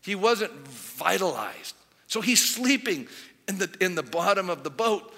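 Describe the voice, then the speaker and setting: A man's voice: high-pitched, sing-song, unhurried, creaky, sharp tone. A man preaching a sermon in a conversational way, asking rhetorical questions as he goes. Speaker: pastor. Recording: long hall reverb.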